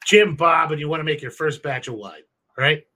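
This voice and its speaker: A man's voice: a little high, moderate pace, pushed and bright. Crude joking man explaining home brewing. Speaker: podcast co-host. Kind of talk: casual podcast chat.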